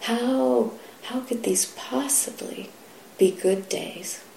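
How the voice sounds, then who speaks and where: A middle-aged woman giving a Zen dharma talk, soft and halting, often sinking to a whisper. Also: a little high, vocal fry, a little hiss or hum. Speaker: Zen teacher. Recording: roomy hall echo, faint ambience.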